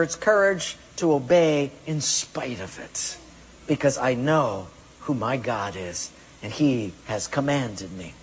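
A pastor preaching a sermon with emphatic delivery and rhetorical questions to the congregation. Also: male voice, fairly high pitch, breathy edge. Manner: emphatic preaching, rhetorical questions, acts out excuses in quoted voices. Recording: long hall reverb.

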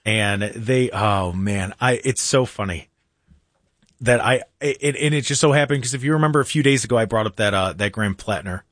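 A man's voice: fairly low pitch, moderate pace, a bit bright, no echo, studio quality. A man hosting a talk radio show, bantering sarcastically and rambling through restarts.

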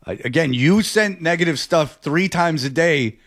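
A man's voice: a little high, normal speed. A man hosting a sports radio show, telling stories in casual on-air banter and jumping into other people's voices as he goes. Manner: animated storytelling, jumping into voices.

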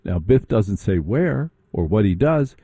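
Dark-voiced man telling a sarcastic story. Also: on the low side, a little slow, breathy edge, dry recording. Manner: sarcastic, animated, mocking. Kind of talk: comic storytelling.

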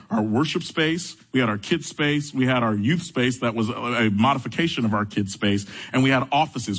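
A man's voice: medium pitch, breathy edge, low-quality recording. A young man preaching a sermon, telling a story from his own church days as he explains a Bible passage. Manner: storytelling, animated when retelling his own encounter. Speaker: pastor.

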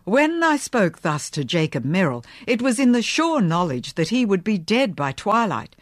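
A woman's voice: medium pitch, sing-song, normal speed, no echo, clean studio sound. A woman voicing a stern, zealous middle-aged male preacher who speaks in a fervent, sermonizing way. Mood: severe.

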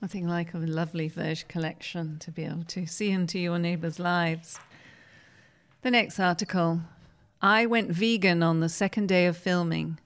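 A woman, reading newspaper articles aloud on the radio in a steady, measured way. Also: lowish voice. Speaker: radio reader.

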